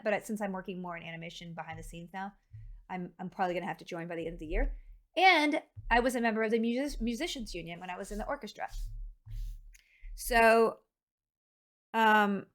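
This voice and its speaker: A woman's voice: mid-range voice, animated, fairly quick, pauses often. Woman streamer, talkative and rambling, mid-range voice, casual chat. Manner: chatty and rambling, talks to chat. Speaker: game streamer.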